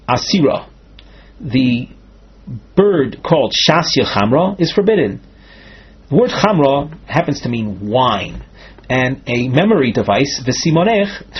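A man leads a Talmud study lecture, working through each term step by step and sometimes restarting mid-sentence. His voice sits a little high and sounds husky. The recording is dull and lo-fi. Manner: methodical, explains terms step by step with some restarts. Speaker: Talmud teacher.

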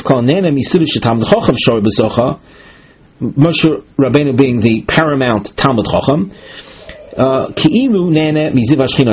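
A man with giving a Talmud lesson, reading each phrase and then explaining it with many halting "uh" pauses. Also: mid-range voice, a little hiss or hum. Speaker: Talmud teacher. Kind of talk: text study lesson, reading and translating. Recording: dull lo-fi recording.

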